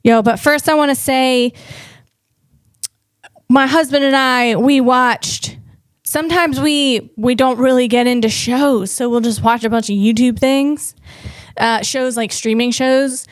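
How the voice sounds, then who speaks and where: A woman's voice: high-pitched, steady tone, unhurried, clear, resonant tone, dry recording, studio quality. A woman comedian hosting a tech show, riffing in a loose, rambling monologue full of playful asides. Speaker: comedian host.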